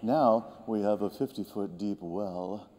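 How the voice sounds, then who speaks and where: A man leading a group through vocal warm-ups, talking gently and encouragingly and singing short demonstration notes. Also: lowish voice, a little slow. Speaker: vocal coach. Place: large hall with a group of singers. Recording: reverberant hall, faint room hum.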